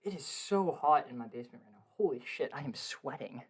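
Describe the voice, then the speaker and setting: Young guy on a podcast, hyped and swearing, laughs a lot, mid-pitched voice. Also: animated, fairly quick, breathy edge. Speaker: podcast co-host. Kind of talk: casual film review chat. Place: home basement.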